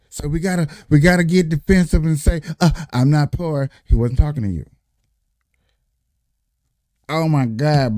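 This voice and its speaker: A man hosting a reaction show, talking in animated, slangy commentary full of swearing and repetition. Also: a little high, no room sound, clean studio sound. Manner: animated, slangy, profane, repeats himself. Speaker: host.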